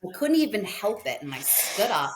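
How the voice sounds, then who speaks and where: A woman in her forties, a restaurateur guest, telling a story in a chatty, animated way in a casual interview. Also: medium pitch, normal speed, background noise. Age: 40s.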